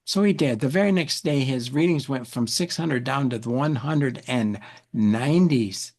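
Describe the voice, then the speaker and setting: A man, an interview guest, telling an animated story, often repeating words and acting out what people said. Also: medium pitch, moderate pace. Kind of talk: anecdotal storytelling.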